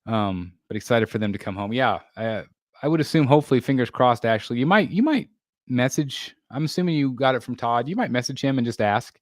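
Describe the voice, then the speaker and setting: A man's voice: mid-range voice, expressive, fairly quick, no echo, studio quality. A man hosting a casual live stream, chatting loosely with viewers and reading their comments, rambling with lots of fillers and restarts. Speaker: livestream host.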